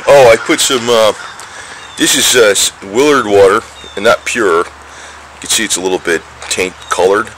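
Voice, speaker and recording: A man's voice: normal speed, fairly bright tone. Rambling man filming cats outdoors. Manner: rambling, chuckling, talks to the cats in a high coaxing voice. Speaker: vlogger. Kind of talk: casual talk to camera while filming cats. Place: outdoors near steps. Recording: noisy outdoor camera audio.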